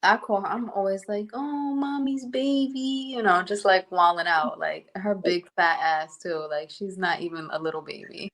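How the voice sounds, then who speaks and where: A woman with a fairly low voice co-hosts a podcast, chatting casually. She is easygoing and upbeat, laughs often and talks about herself as goofy. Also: fairly even intonation, normal speed, hardly any pauses, a bit bright. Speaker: podcast co-host. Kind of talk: casual chat.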